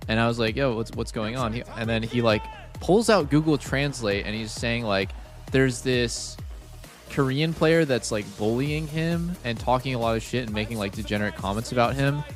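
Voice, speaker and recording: A man's voice: mid-range voice, moderate pace, soft background music. A man streaming a casual chat to his viewers, rambling and swearing with lots of "like". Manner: rambling and profane, heavy use of "like". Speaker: game streamer.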